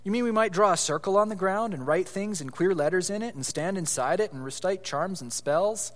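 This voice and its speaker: A man's voice: high voice, brisk, in a large hall, close to an everyday voice. A man voicing an indignant, fierce young schoolgirl in a read-aloud story.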